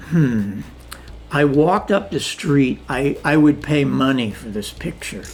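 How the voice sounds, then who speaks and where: Older man telling animated stories. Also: mid-range voice, takes it slowly, faint music behind. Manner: animated storyteller, acts out quoted dialogue. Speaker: interviewee, sound engineer. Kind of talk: casual storytelling interview. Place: home studio.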